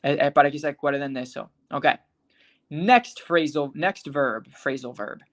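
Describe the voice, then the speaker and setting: An English teacher giving a live online class, saying example words slowly and carefully, calling on students by name and checking often that they follow. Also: medium pitch.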